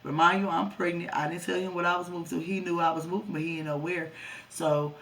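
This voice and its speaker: Young woman vlogger with a gravelly, creaky voice, blunt and profane, speaking a bit off-mic. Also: fairly low pitch, fairly even intonation, fast, fairly bright tone, recorded from a distance. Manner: profane, blunt storytelling, talks to viewers as y'all. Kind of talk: storytime vlog.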